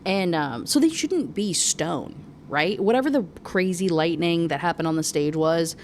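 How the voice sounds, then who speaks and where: A young woman recapping a book casually, animated and filling her talk with "like.". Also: on the low side, moderate pace, a little hiss or hum. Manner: animated, lots of filler "like". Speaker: book reviewer.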